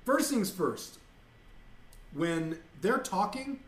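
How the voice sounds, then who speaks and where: A man's voice: high-pitched, very animated, slow pace. A man hosting a podcast at home, ranting in a casual, profane and exasperated way. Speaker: podcast host. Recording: echoey room.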